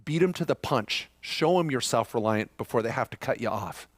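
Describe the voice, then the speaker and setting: A man's voice: medium pitch, normal speed, no echo. Joking middle-aged man at a seminar. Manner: lively, joking, quizzes the audience. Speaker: seminar presenter. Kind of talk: live seminar talk. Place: room with a live audience.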